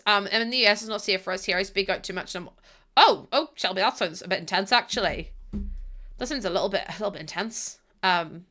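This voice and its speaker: A woman's voice: on the high side, pushed and bright. A woman streamer chatting casually with her live chat while gaming, bubbly and giggly, rambling from one thought to the next.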